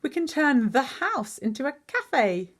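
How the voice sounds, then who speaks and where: A woman voicing a cheerful storybook father with a bright idea, eager and excited, in a story read aloud. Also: mid-range voice, moderate pace, slightly rough.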